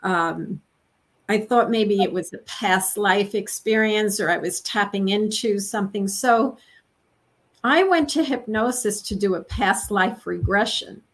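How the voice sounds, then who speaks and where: A middle-aged woman, a guest in an interview, speaking earnestly and haltingly as she searches for words. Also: mid-range voice. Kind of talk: conversational interview.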